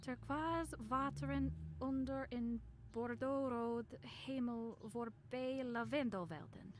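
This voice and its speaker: A woman's voice: high-pitched, slow pace, a crowd in the background. An actress voicing a polite, plain-spoken young woman detective in a mystery game. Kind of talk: video game voice acting.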